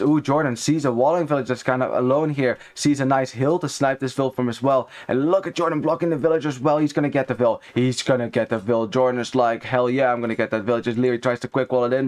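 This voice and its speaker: A young man casting a real-time strategy match, chatty and analytical, explaining game mechanics as the action unfolds. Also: medium pitch. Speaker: esports caster. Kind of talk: live strategy-game commentary.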